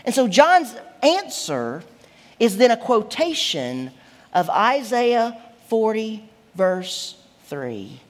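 A woman delivers a sermon with emphatic, expressive teaching. Her voice sits a little high and swings widely in pitch. A long hall reverb trails each phrase. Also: slow. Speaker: preacher.

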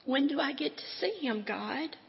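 A woman reading aloud and voicing a gentle, curious unborn baby girl who asks soft questions, in a dull, echoey hall recording. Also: high-pitched, animated, moderate pace, vocal fry, voice pushed up. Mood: wondering. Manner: soft, wondering, childlike questions.

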